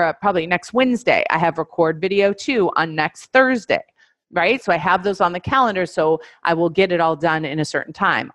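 A woman with a fairly low voice teaches a webinar as a coach, speaking straight to her listeners with firm, emphatic instructions. She drives points home by repeating key phrases. The sound is dry and close, with almost no room tone. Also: a bit bright, no room sound.

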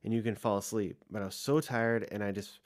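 A man's voice: fairly low pitch, steady tone. A young man hosting a podcast, telling a rambling, profane story in a casual rant full of fillers. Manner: profane, rambling, fast, heavy use of "like". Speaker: podcast host.

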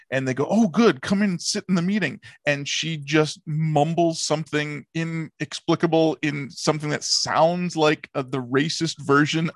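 A man's voice: on the high side, creaky, a bit bright, no room sound, studio quality. A man hosting a casual book club podcast, talking enthusiastically and laughing often. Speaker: podcast host.

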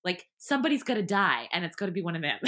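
Woman, podcast co-host, casual chat, blunt, animated, jokey. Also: lowish voice, quick pace. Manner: blunt, animated, given to over-the-top jokes.

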